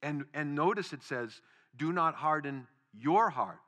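Male pastor, bright tone, emphatic sermon delivery with big swings in volume. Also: a little high, lively intonation, measured pace. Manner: emphatic, rising to loud stresses then dropping quiet.

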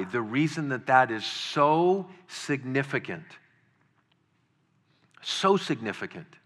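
A man's voice: medium pitch, bright, forceful tone, big-room sound. A man preaching a sermon in an earnest way, repeating words for emphasis.

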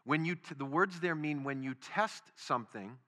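A man preaching a sermon, emphatic, rising to loud stresses and then dropping quiet. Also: on the high side, moderate pace. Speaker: pastor.

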